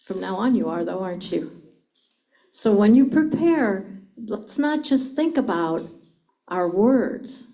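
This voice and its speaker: A woman's voice: medium pitch, dark tone. A middle-aged woman giving a live seminar talk on communication, engaging the audience with frequent questions. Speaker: communication speaker.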